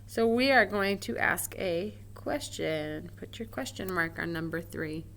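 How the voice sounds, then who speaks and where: A woman teaching a recorded grammar lesson to first graders, gentle and encouraging, asking the children questions and reading example sentences slowly with exaggerated feeling. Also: fairly low pitch, creaky, a little hiss or hum.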